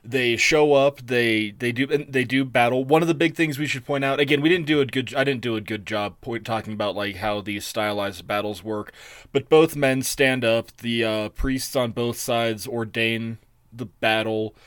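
Man, podcast co-host, casual, jokey, irreverent, middling pitch, dry close sound. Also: normal speed, fairly bright tone, smooth, no echo. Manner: jokey, irreverent retelling with crude humor. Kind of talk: casual chat.

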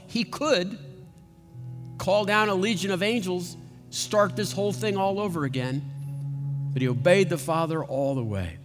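A man preaching a sermon slowly and dramatically, building to intense questions. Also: fairly high pitch, long reverb tail, soft background music.

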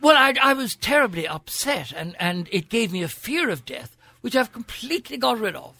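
A man's voice: sits high, sing-song, moderate pace, creaky, pushed and bright. An older Irish man, a senator, telling stories as a guest in an interview, with a grand, theatrical, witty manner. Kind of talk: anecdotal storytelling.

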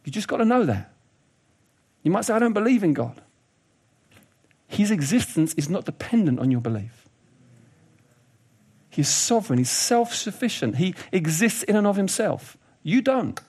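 A man's voice: high-pitched, normal speed, long pauses, slightly rough. A man preaching a sermon in a chatty, conversational way, mixing in jokes, asides and playful sound effects. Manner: conversational, animated, does funny voices and asides.

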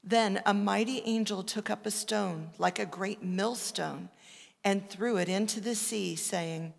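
A woman with a mid-pitched voice reads scripture at a measured, steady pace. Her voice rings with the long reverb of a large church hall. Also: vocal fry. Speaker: scripture reader. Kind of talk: scripture reading. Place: church sanctuary.

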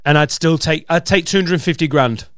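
A man co-hosting a podcast in casual chat, sweary, animated and teasing. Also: fairly high pitch, normal speed, no room sound, studio quality. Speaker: podcast co-host.

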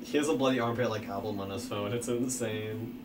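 A young man talking low-energy and joking in a casual podcast chat. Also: fairly even intonation, a little fast, distant mic, noisy background. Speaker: podcast co-host.

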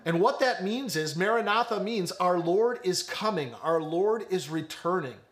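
A young man with a high voice preaches an online sermon. He talks earnestly and builds emphasis by repeating key phrases. His delivery swings between slow, weighty lines and quicker asides. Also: animated, a bit bright. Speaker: pastor.

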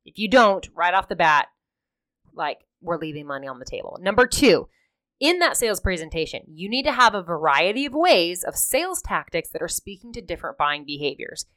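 A woman in her thirties, an online business coach, teaching in an animated, emphatic way and often checking in with "okay?". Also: lowish voice, fairly quick. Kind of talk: teaching talk to camera.

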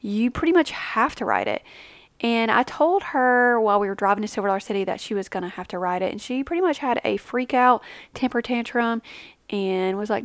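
A woman in her thirties, a mother, chatting casually in a vlog and giving tips with an animated, storytelling manner. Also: a little fast, no echo. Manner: chatty, animated, acts out quotes with big pitch jumps. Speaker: family travel vlogger, mother.

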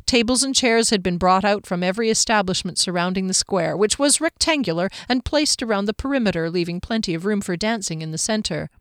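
A woman narrating a fantasy story aloud in a steady, even storytelling manner. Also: medium pitch, a little fast, hardly any pauses, clear, resonant tone, no room sound, clean studio sound. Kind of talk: audiobook narration.

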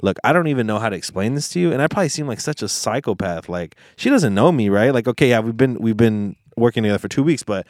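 A man's voice: medium pitch, animated, fast, hardly any pauses, dry recording, clean studio sound. A young man hosting a casual podcast, retelling a story in a rambling way with lots of fillers and swearing. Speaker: podcast host.

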